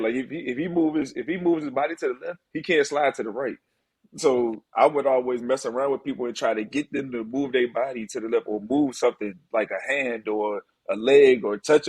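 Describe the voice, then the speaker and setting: A man's voice: mid-range voice, a little fast, darkish tone, breathy edge, no echo, low-quality recording. A man in his thirties talking as a podcast guest, laid-back and explaining things casually. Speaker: podcast guest, former pro basketball player. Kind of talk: casual interview talk.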